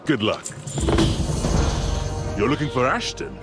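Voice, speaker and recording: A man voicing a measured, grateful town mayor in a video game. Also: mid-range voice, big pitch swings, creaky, full character voice. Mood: earnest. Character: steady middle-aged male town mayor. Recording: game dialogue over music.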